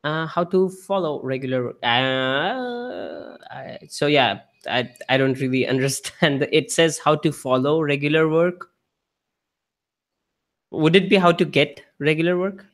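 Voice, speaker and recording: A man's voice: on the high side, animated, a little slow, fairly bright tone. A man hosting a casual live-stream chat, speaking hesitantly and often restarting his sentences. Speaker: host.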